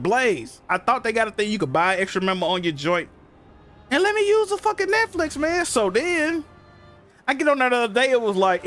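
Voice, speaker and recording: A man on a gaming stream rants at length, his voice sitting high for a man. His talk is loose, profane and full of slang. Game music runs behind him throughout. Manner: animated, profane, slangy storytelling. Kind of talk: casual rant on a gaming stream. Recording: music playing in the background.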